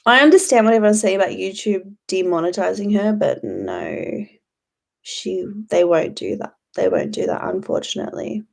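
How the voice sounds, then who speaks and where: A woman's voice: mid-range voice, very animated, moderate pace, vocal fry. A woman hosting a casual livestream, rambling, swearing freely and answering chat. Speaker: YouTube livestream host.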